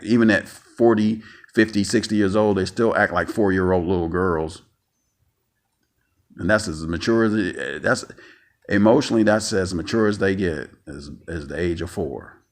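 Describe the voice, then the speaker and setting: A man ranting angrily in a vlog monologue, profane and stammering, repeating himself and sounding emotionally tired. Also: sits low.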